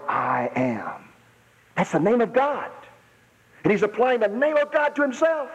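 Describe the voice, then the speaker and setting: Male preacher, high and emphatic, sermon style, muffled hall recording. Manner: emphatic preaching, rereads verses slowly for stress. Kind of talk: sermon reading scripture.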